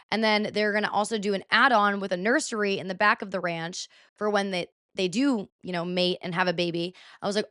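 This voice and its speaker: A woman's voice: medium pitch, clear, resonant tone, no room sound, clean studio sound. A young woman in her twenties, a vlogger chattily telling a weekend story with lots of "like". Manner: chatty, animated, heavy use of "like". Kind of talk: casual storytelling vlog.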